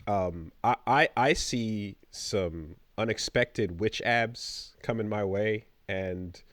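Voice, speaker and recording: A man's voice: fairly low pitch, takes it slowly, fairly bright tone, dry recording. A man co-hosting a podcast in casual chat, rambling and hesitant with lots of fillers. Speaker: podcast co-host.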